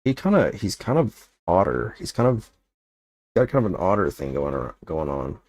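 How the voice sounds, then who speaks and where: A man's voice: sits low, big pitch swings, moderate pace, a little mellow, dry recording. A young man chatting casually on a livestream, rambling and joking with lots of filler words. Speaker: streamer.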